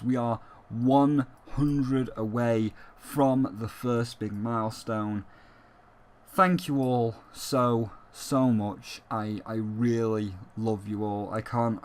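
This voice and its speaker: A young man talks straight to his viewers in a casual gaming vlog. He sounds emphatic and heated, with his voice at a middling pitch, and he swears freely as he pushes his opinion. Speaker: gaming YouTuber.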